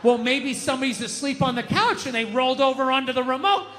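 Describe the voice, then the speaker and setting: A man's voice: very high-pitched, lively intonation, quick pace, a bit bright. A middle-aged man performing stand-up comedy, swearing a lot and acting out his own outbursts. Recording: reverberant hall, faint noise.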